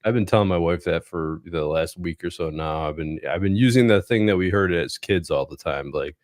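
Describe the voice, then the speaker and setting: A man in casual podcast chat, telling relaxed self-deprecating stories. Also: low-pitched, a little fast, no echo, studio quality. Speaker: podcast guest.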